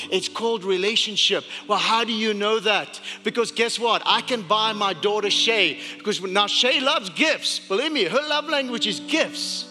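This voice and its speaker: A man preaching a sermon as pastor, swinging from loud urgent preaching to hushed, whispered prayer. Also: sits high, normal speed. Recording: echoey hall with music behind.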